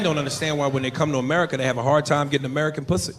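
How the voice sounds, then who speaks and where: A man doing a stand-up comedy set, brash and loud, often breaking into shouted bits on a stage mic. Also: a little high, steady tone, very fast, hardly any pauses, over a noisy crowd. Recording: noisy live club recording.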